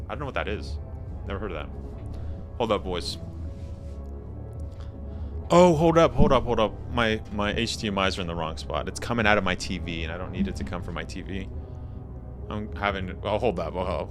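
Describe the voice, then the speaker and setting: A man's voice: fairly low pitch, fairly bright tone. A young man chatting casually with viewers on a game stream, laughing often and tossing in slangy asides. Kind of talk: casual live-stream chat.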